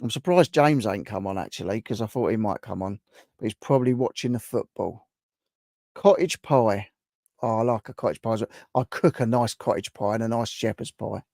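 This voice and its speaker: A man's voice: fairly low pitch, a little fast, gravelly, darkish tone, no room sound, clean studio sound. A man hosting a live stream, chatting casually and reacting to viewers' guesses as he reads their comments aloud.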